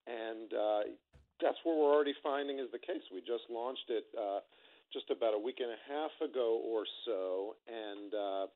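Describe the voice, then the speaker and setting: Male guest on a tinny phone line, mid-pitched, upbeat explainer. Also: moderate pace. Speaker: guest, company executive. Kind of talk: phone interview. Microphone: telephone.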